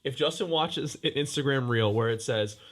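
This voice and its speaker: A man's voice: medium pitch, normal speed, a bit bright. A young man co-hosting a podcast, teasing in casual chat with laughter. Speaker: podcast co-host.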